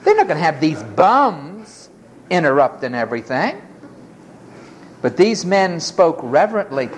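A preacher delivering a sermon in an emphatic, dramatic way, dropping to low murmurs and rising to high exclamations as she acts out the people in the story. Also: big pitch swings, measured pace.

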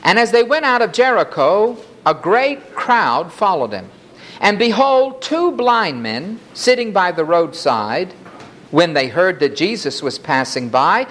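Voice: mid-range voice, big pitch swings, measured pace, a bit bright. A preacher giving a sermon, reading scripture passages aloud and lifting the voice for quoted cries.

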